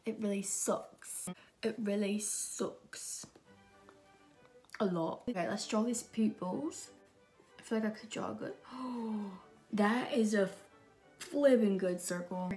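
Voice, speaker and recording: A woman makeup vlogger talks casually as she sketches, wandering into rambling, self-deprecating asides. Her pitch sits in an ordinary middle range. Music plays clearly in the background. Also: darkish tone. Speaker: makeup YouTuber. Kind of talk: casual vlog chat while drawing.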